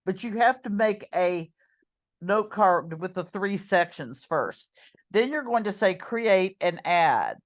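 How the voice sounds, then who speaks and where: A woman's voice: medium pitch, lively intonation, slow pace. A woman teacher walking students through an online note-card tool, chatty and full of ums and self-corrections. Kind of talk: screen-recorded lesson walkthrough.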